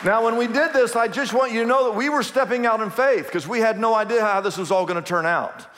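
A male pastor tells a story from the pulpit in a fairly high voice. He asks the congregation questions as he goes, and his words ring out with a long hall reverb. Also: fast, a bit bright, some chatter behind, a little hiss or hum. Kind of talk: storytelling sermon. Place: church sanctuary.

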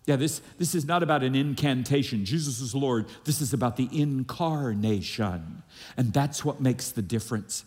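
A male pastor preaches emphatically in a church sanctuary, his mid-range, darkish voice at normal speed, calling on the congregation to repeat lines after him. The recording has long hall reverb.

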